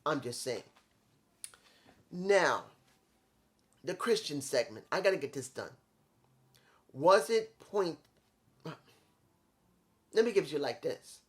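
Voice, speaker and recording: A man reviews a wrestling show alone on video, opinionated and forceful, repeating himself in brief, punchy lines. He talks slowly with frequent pauses, in a fairly high voice that swings widely in pitch.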